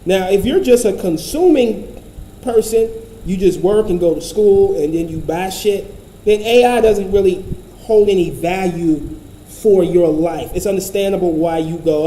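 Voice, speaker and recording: A man's voice: sits high, measured pace, mellow, reverberant, a little hiss or hum, rough recording. Profane, blunt man ranting. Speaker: commentator. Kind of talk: casual commentary.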